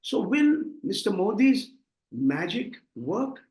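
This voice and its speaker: A man's voice: sits high, very animated, slow, a little mellow, echoey room. A man with an Indian English accent, a political analyst giving impassioned interview commentary, emphatic and often repeating words as he starts a thought.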